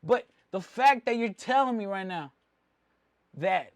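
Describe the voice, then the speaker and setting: A man's voice: high voice, expressive, measured pace, no room sound. A man from Mexico City, a jewelry vlogger, giving a rambling, slang-heavy opinion rant with frequent asides.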